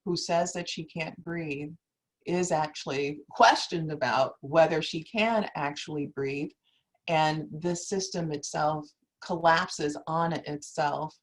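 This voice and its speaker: A woman law professor speaking on a panel over a video call, telling a story in an earnest, measured way with emphatic quoted exchanges. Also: low voice, rough recording. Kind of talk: academic panel talk.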